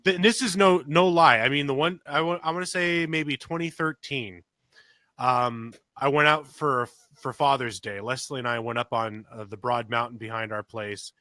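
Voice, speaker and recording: A man's voice: medium pitch, moderate pace, pushed and bright, dry recording. A man co-hosting a podcast, telling a story casually and acting out quotes with big jumps in his voice. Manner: swears casually, many restarts. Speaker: podcast co-host.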